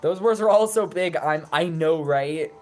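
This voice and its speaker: A young adult woman giving casual let's-play commentary, playful and teasing, swinging fast between moods. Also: deep voice, a little mellow, soft background music. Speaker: gaming streamer.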